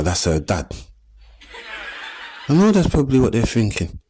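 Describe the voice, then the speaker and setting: A man in his thirties with an East London accent doing a stand-up comedy set, animated and streetwise, acting out little scenes. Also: medium pitch, slight background noise, low-quality recording. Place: comedy stage before a live audience.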